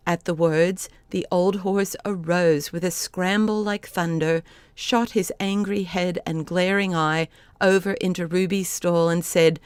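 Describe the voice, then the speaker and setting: A woman narrating a classic children's novel as an audiobook, in an even storytelling read. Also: lowish voice, moderate pace, clean tone, no echo. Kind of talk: scripted narration.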